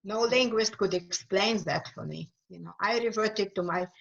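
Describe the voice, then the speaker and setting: A woman speaking with an East European accent, a guest author talking slowly and thoughtfully in a webinar, sometimes repeating words as she searches for them. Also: medium pitch, gravelly, dull audio. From Ukraine. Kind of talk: webinar talk.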